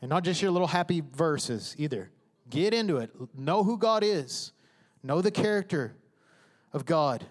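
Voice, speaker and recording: High-pitched preaching man in a hall. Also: expressive, moderate pace. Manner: emphatic preaching, acting out inner voices and prayers. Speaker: pastor. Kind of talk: sermon. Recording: reverberant hall.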